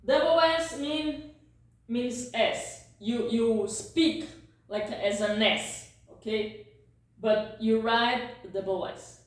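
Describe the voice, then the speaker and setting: Brazilian woman teacher, slow, keeps saying ok?, kinda high voice, roomy echo. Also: recorded from a distance. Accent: Brazilian Portuguese. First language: Portuguese. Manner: patient, repeats words, frequent "ok?" checks. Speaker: language teacher. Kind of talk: slow song-lyric vocabulary lesson.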